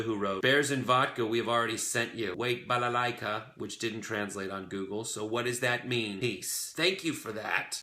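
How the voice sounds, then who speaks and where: A young man hosting a comedic web show, reading viewer comments aloud with wry, deadpan jokes. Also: on the low side, echoey room. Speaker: host.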